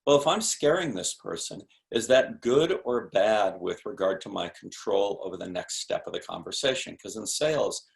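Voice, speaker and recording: A man's voice: fairly low pitch, expressive, normal speed, creaky, hardly any pauses. A man speaking as a sales expert guest in a podcast interview, explaining in an emphatic, punchy coaching tone with rhetorical questions.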